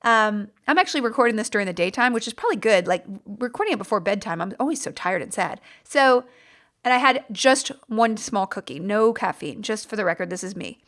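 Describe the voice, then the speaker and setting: A woman's voice: medium pitch, lively intonation, a little fast, fairly bright tone. A woman hosting a podcast, telling a story in a chatty, casual monologue full of fillers and restarts. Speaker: podcast host.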